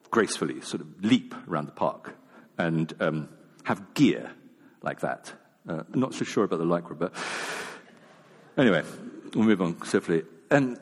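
A man's voice: low-pitched, sing-song, moderate pace, breathy edge. A man preaching a sermon in a casual, self-deprecating manner, with many fillers and restarts. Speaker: pastor. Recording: long reverb of a large hall.

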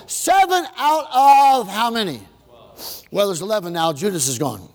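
A male preacher tells his story with theatrical swings from loud shouts to near whispers, stopping to quiz the crowd. His voice sits high for a man. The sermon echoes with a long reverb in a big hall. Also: animated, normal speed. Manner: dramatic, swings from shouting to hushed, asks the crowd questions.

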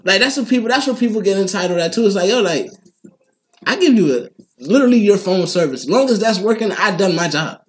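A man with a notably high voice tells animated stories in casual podcast chat. His talk is heavy with profane slang, and he laughs his way through his own anecdotes. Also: fairly quick. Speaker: podcast co-host, phone store worker.

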